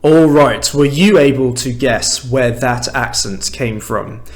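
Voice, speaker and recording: A man from England with a standard southern British accent, explaining clearly and slowly in an English lesson. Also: mid-range voice. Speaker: English teacher. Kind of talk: language lesson to camera.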